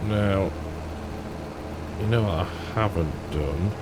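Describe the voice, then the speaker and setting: Low-voiced male gaming YouTuber, slow, rambling and chuckly casual commentary. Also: heavy background noise. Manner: rambling, thinking aloud, chuckling.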